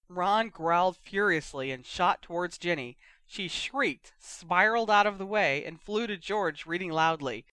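A bright, crisp reader narrating a fan fiction story close to the mic. The delivery is lively, slipping into voices for the characters. The room sounds dry. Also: medium pitch, moderate pace, no room sound. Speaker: audiobook reader. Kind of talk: fan fiction read aloud.

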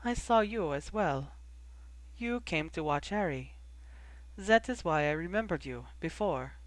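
A reader voicing a quiet, grieving young woman in a storybook reading, speaking softly. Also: medium pitch, lively intonation, unhurried, no echo, close to an everyday voice, rough recording. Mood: sad. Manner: soft, quiet delivery. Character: young woman, soft-spoken, grieving and guarded.

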